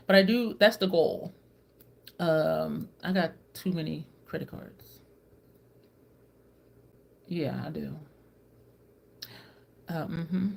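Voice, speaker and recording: A woman in her thirties chatting casually to her viewers and telling animated, profane stories, laughing often and acting out what people said. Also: lowish voice. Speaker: YouTuber.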